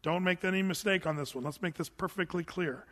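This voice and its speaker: A man's voice: high voice, fairly quick, a bit bright, long reverb tail. A man preaching a sermon, teaching through Bible verses in a conversational way with joking asides. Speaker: pastor.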